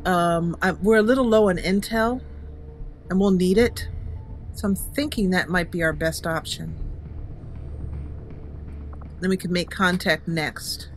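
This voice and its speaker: A woman's voice: fairly low pitch, measured pace, long pauses, faint music behind. A woman hosting a let's-play, chatting casually as she thinks aloud, with frequent hesitant fillers and small chuckles. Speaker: gaming channel host.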